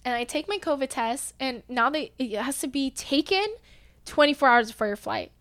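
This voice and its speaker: A young woman with a fairly high voice recounts a personal story in a casual, chatty way. She is animated and often rises to loud, emotional stretches as she relives the tense moments. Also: moderate pace.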